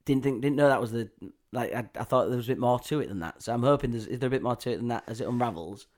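A man co-hosting a casual film chat, giving quick opinions with plenty of fillers. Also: medium pitch, darkish tone. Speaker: podcast co-host.

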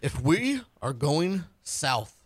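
A man's voice: on the high side, very animated, slow pace, breathy edge, dry recording, clean studio sound. A man hosting a radio talk show, casually ranting and bantering. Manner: laid-back, ranting. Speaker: radio host.

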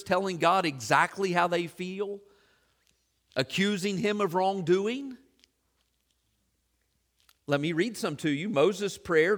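Man, pastor, sermon, earnest, repeats questions, high-pitched voice, middle-aged. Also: fairly bright tone. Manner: earnest, builds long lists, repeats questions to the congregation.

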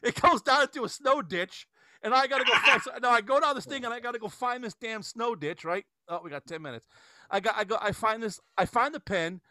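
A man's voice: very high-pitched, fairly quick, pushed and bright, no echo. A man hosting a casual podcast chat, telling a rambling story with lots of restarts and fillers. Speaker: podcast host.

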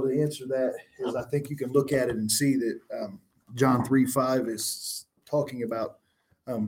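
A man's voice: medium pitch, darkish tone. Man earnestly explaining scripture. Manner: reads old-style scripture, then explains earnestly. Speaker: guest bible teacher. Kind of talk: scripture teaching.

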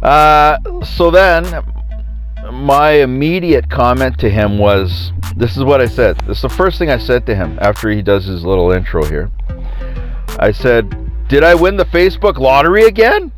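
A man's voice: mid-range voice, unhurried, faint music behind. A man hosting a podcast. He tells a story in a casual, sarcastic, mocking way and laughs at his own jokes. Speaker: podcast host.

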